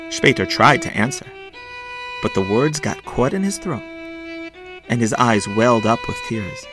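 A man narrating a children's story expressively, slowing and hushing for sad moments. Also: medium pitch, animated. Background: faint violin music.

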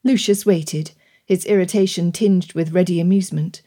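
Low, mellow female narrator. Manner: measured, even storytelling. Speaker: audiobook narrator. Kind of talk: scripted narration.

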